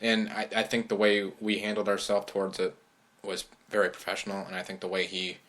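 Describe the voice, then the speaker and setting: Man, low-pitched, bright tense tone, podcast host, blunt, laughs a lot, swears. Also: monotone, a little fast. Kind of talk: casual podcast chat.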